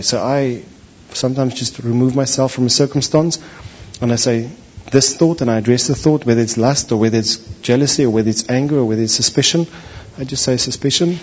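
A man preaching a sermon, animated, acting out the voices of the people in his stories. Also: medium pitch, fast talker, slightly rough. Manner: animated, acts out voices of biblical figures. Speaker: pastor. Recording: dull lo-fi recording.

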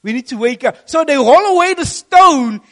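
High-voiced man preaching with animated storytelling. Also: normal speed. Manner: lively storytelling preacher, repeats key phrases. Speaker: youth pastor. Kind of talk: sermon.

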